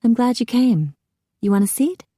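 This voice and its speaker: A woman's voice: on the high side, lively intonation, normal speed, dark tone, no room sound, studio quality, voice pushed up. A woman voicing a friendly, chatty young redheaded college woman in an audiobook. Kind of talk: audiobook character voice.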